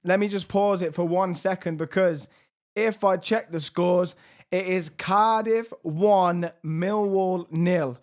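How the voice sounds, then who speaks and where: Young male game commentator, slightly high voice, strained, swings hushed to excited. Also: slow pace. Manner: lively, shifts between hushed and excited. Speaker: gaming YouTuber.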